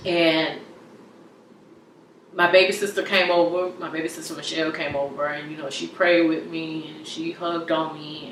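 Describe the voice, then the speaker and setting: A woman giving an emotional personal testimony in an interview, halting and tearful, her voice dropping very soft at times. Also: low-pitched, level tone. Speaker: interview guest. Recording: roomy echo from far off, faint hum.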